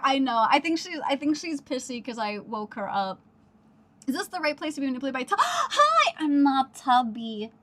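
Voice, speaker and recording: A woman's voice: high-pitched, animated, fast, fairly bright tone. A woman streaming live from home on a wireless mic, chatting casually and giggling as she coos baby talk to her cat.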